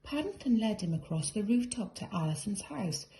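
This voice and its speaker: A woman reading a children's storybook aloud in a brisk, expressive way. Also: mid-range voice, creaky, low-quality recording. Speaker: reader.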